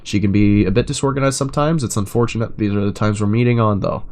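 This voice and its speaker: A man reading chat messages aloud in an even, measured way, breaking into loud, sarcastic rants full of swearing. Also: lowish voice. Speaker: commentator reading chat logs.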